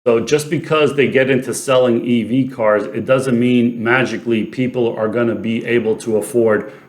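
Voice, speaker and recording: A man's voice: mid-range voice, steady tone, normal speed, echoey room. A man explaining stock and car prices in a casual commentary style, chuckling often and asking rhetorical questions. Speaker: finance commentator.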